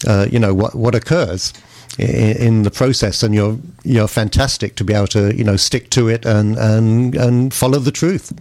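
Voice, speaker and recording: A man hosting a community radio interview, speaking haltingly with many fillers and restarts and praising his guest effusively. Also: on the low side, darkish tone. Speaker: radio host.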